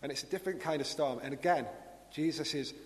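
A man's voice: fairly high pitch, fast. A man giving a conversational, reflective sermon as a preacher, often restarting his sentences. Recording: long hall reverb.

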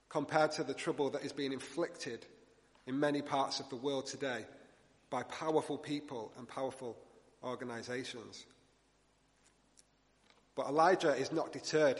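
A man preaching a sermon in a conversational, animated way, making asides to the congregation and acting out the lines he quotes. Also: medium pitch. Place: church hall with congregation. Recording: long hall reverb.

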